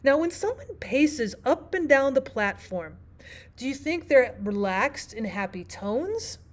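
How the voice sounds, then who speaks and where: A woman teacher narrating a lesson, explaining clearly and asking the listener questions. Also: high voice, big pitch swings, a little slow. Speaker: language arts teacher.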